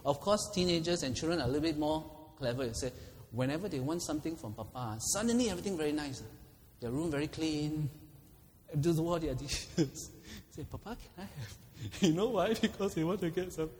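A man's voice: on the high side, fairly quick, darkish tone, long reverb tail, a little hiss or hum. A man preaching a sermon, laughing often and acting out quoted prayers.

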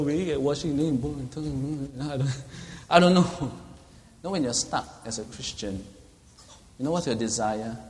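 Male pastor, sermon, laughs a lot, bursts into loud acted quotes, slightly high voice, long hall reverb. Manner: animated, laughs often, acts out quotes loudly.

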